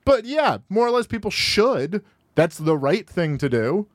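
A man hosting a podcast from a studio, pausing a video to argue against it. He sounds exasperated and his voice climbs high whenever he pushes back. The sound is dry and close, with almost no room around it. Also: big pitch swings, no room sound. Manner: exasperated, rising sharply in pitch when rebutting. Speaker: podcast host reacting to a video. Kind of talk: argumentative commentary on a played clip.

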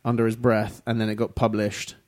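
A man's voice: fairly low pitch, completely flat delivery, brisk, a little mellow. Wry British man in casual banter. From Britain.

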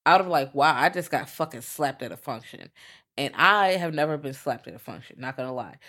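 A woman's voice: sits low, expressive, a little fast, a bit bright. A woman in her thirties co-hosting a podcast, chatting casually and profanely about a movie and acting out scenes in voices. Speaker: podcast co-host. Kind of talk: casual movie review chat.

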